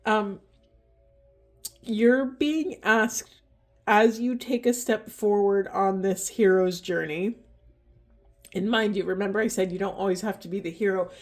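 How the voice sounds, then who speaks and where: A woman giving a slow, halting spiritual card reading, emotional, with heavy breathing and a trembling voice. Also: mid-range voice, darkish tone. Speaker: oracle card reader.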